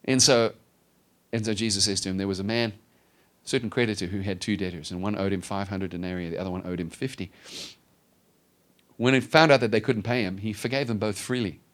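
A man's voice: on the low side, fairly quick. A middle-aged male pastor preaching a sermon, who acts out the voices of the people in the story. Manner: animated, acts out voices of Bible figures.

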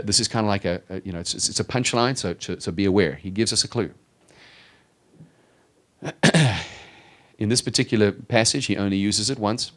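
A man's voice: sits low, fairly bright tone. A man preaching an expository sermon in an emphatic, teacherly way, often stammering and restarting his phrases. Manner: emphatic, teacherly, rises in volume on readings. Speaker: pastor teaching the Bible.

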